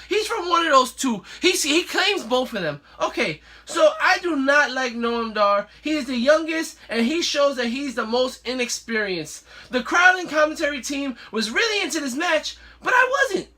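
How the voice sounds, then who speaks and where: A male host giving a casual, excitable and playful wrestling recap. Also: extremely high pitch. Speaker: show host.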